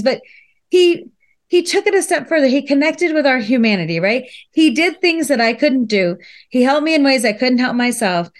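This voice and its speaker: A woman speaker telling a personal story in casual conversation, emotional and often laughing. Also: high voice. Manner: emotional, laughing, animated retelling. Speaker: guest speaker.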